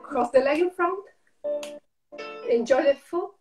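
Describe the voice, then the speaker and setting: A woman's voice: high voice, expressive, unhurried. A woman teaching a ballet class, calling out counts and steps in short phrases. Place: dance studio. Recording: roomy studio, far from the mic, music behind.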